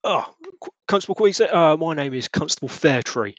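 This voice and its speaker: A man's voice: fairly high pitch, expressive, fairly quick, dry recording, voice pushed up, close to an everyday voice. A man playing a courteous Victorian constable. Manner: courteous, formal. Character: polite brisk male Victorian police constable.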